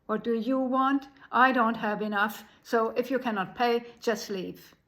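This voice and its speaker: A woman voicing an angry, stingy woman who runs a pub, scolding in a shrill voice. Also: steady tone, measured pace, fairly bright tone. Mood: curt.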